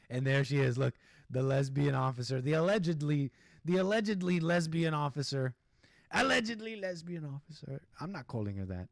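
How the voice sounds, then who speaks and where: A man's voice: mid-range voice, animated, normal speed, creaky, dry recording, clean studio sound. A man hosting a stream, ranting sarcastically and indignantly over a video clip and laughing at his own jokes. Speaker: streamer host.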